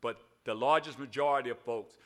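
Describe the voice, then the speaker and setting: A man's voice: medium pitch, brisk, fairly bright tone. An older man preaching an evening sermon in a folksy way, spelling words out and asking "all right?" again and again. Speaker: pastor.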